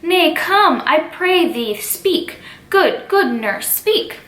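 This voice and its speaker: An eager, lovesick teenage girl, read aloud by a woman in a high, bright voice. She talks as if reading straight from the script, with little put-on change. The sound is roomy and echoey. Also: big pitch swings, very slow, full character voice. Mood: impatient.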